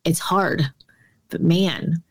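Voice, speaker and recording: A woman's voice: fairly low pitch, drawn-out words, husky. A woman guest on an interview podcast, telling stories earnestly with many fillers. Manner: earnest storytelling with frequent fillers. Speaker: podcast guest, author and speaker. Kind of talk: conversational interview.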